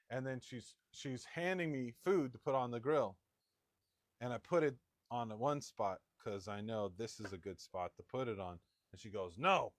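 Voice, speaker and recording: A middle-aged man preaching a sermon in a conversational storytelling manner, with quick asides. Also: on the low side, no room sound, studio quality. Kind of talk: sermon with personal anecdote.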